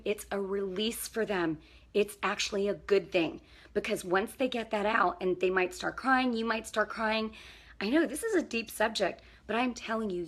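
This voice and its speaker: A middle-aged woman speaks straight to her viewers as a parenting coach, in an earnest, encouraging way. Her voice sits in an ordinary middle range, and she keeps checking that the listener is following. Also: medium pitch. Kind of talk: casual faith-based advice talk to camera.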